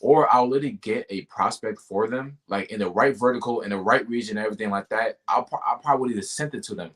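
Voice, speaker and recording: A man's voice: lowish voice, quick pace, a bit bright, breathy edge. A man being interviewed about his sales job, talking casually and animatedly, full of slang like "yo" and "bro". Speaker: guest, tech sales rep.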